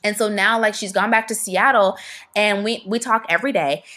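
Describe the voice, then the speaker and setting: Speaking at a moderate pace with a steady tone, this young photographer guesting on a podcast has a medium-pitched, fairly bright voice. Her casual storytelling is chatty, packed with fillers and loose restarts.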